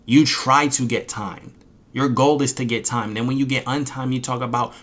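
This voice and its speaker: A man's voice: mid-range voice, fairly even intonation, normal speed, a bit bright. A young man, a streamer, venting angrily and profanely about his chat, mocking them in quoted voices. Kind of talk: frustrated vent to camera.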